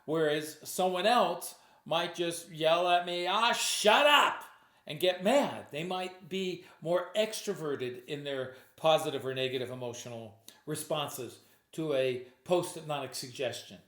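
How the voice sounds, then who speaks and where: A man's voice: fairly high pitch, measured pace, roomy sound. A stage hypnotist telling a true story from his shows in a casual, conversational way, often quoting himself. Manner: conversational, with restarts and acted quotes.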